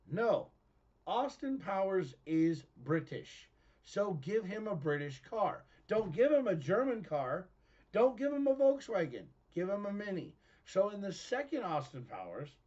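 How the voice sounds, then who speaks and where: Man hosting a home web show, high animated delivery, lo-fi sound. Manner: animated, excitable, often laughing. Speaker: host of his own online show. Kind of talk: excitable ranting monologue.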